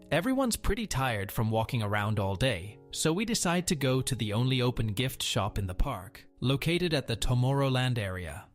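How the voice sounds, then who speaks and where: A young man reads an online story aloud in a sardonic, matter-of-fact way. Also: medium pitch. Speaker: narrator.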